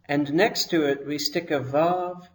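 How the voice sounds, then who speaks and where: Slow, patient male language teacher. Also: fairly high pitch, fairly even intonation. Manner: patient, deliberate, pronounces each sound slowly. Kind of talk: slow, careful language lesson.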